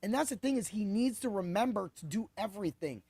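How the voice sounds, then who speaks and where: A man hosting a podcast, talking excitably about fights in a rambling way that keeps correcting itself. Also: sits high, brisk, husky, no echo. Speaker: podcast host. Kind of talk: animated sports betting chat.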